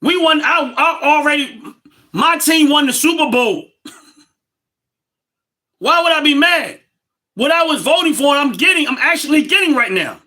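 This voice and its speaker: A man, hosting a livestream and ranting about politics loudly and emphatically, repeating his points. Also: extremely high pitch, animated, moderate pace, pauses often. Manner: loud, emphatic and repetitive, laughs between points. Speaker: livestream host.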